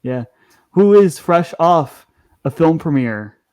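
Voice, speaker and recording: A man's voice: fairly high pitch, expressive, slow pace, darkish tone. Chatty male podcast host. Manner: chatty, with frequent ums and restarts. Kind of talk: casual podcast chat.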